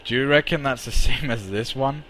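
Young male streamer, mid pitch, excitable and foul-mouthed, live gameplay commentary over a noisy stream feed. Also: normal speed. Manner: excitable, swears a lot, talks to chat. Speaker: game streamer.

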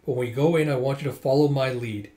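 A laid-back young man who prefers to sneak in carefully, calm and persuasive, read aloud by a man. It sits close to an everyday speaking voice. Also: medium pitch, fast, close to an everyday voice.

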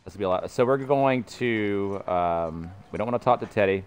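With a fairly low, smooth voice and lively intonation, a man comments on a game he's streaming at an ordinary pace. He puts on a pompous cartoon mayor act, rambling like a politician in a Boston-style accent with Brooklyn slips.

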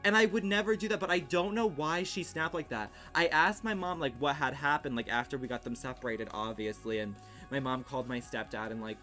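A young man telling a story casually on his livestream at home, in a rapid, animated, filler-heavy way with swearing. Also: mid-range voice, faint music behind.

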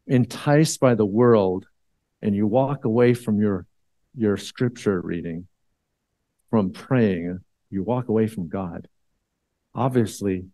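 A man's voice: fairly low pitch, warm tone, no echo. Man preaching a conversational Bible sermon. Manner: conversational, with frequent fillers and restarts. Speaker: church elder.

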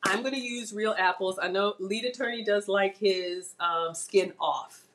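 A woman's voice: mid-range voice, measured pace, fairly bright tone, slight background noise. A middle-aged woman hosting a live cooking stream, chatting casually with viewers and a guest and laughing often.

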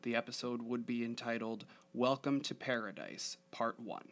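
A man talks through his own podcast in a loose, rambling way, full of fillers, restarts and asides. His voice sits at an ordinary middle pitch for a man. Later he reads scene directions from a screenplay in the same plain voice. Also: moderate pace, few pauses. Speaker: podcast host. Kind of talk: casual solo podcast talk, then reading a screenplay aloud.

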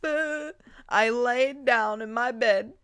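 A woman's voice: a little high, slow pace, fairly bright tone, smooth, no echo, clean studio sound. Woman reading aloud, mocking the text. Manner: breaks off to mock the text. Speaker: host reading fan fiction. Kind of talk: reading a story aloud with commentary.

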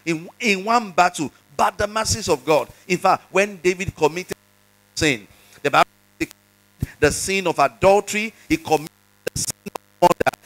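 A man's voice: high voice, moderate pace, a bit bright, rough recording. A male pastor preaching a sermon, reading scripture aloud, acting out its dialogue and repeating lines and questions to the congregation. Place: church service.

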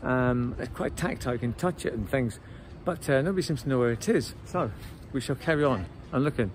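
A man chatting casually as he vlogs on a campus, excitable, often saying "man" and "folks". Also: mid-range voice, fairly quick. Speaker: vlogger. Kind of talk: casual vlog chat. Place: outdoors on a university campus. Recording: noisy outdoor recording.

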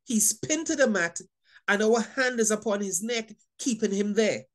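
A woman's voice: mid-range voice, lively intonation, normal speed. A woman preaching a Bible lesson in an emphatic, repetitive way, often stammering over words and laughing between points. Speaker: Bible teacher. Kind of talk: sermon teaching.

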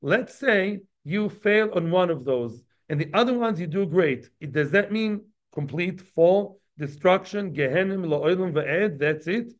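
A man with a fairly high voice teaches a daily Talmud class. He talks conversationally and checks in with his listeners through quick tag questions. The recording sounds muffled and lo-fi. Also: lively intonation.

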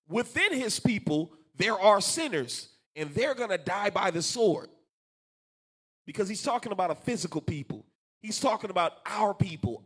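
This is a man teaching scripture to a congregation, his voice set high for a man and swinging widely up and down. He speaks, loose and colloquial. He keeps doubling his words to drive a point home. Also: breathy edge. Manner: animated, colloquial, repeats words for emphasis. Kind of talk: preaching scripture class.

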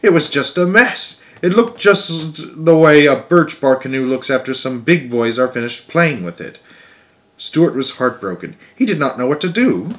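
A man reading a children's book aloud as storyteller, gentle, with small slips and self-corrections. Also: medium pitch, animated, normal speed.

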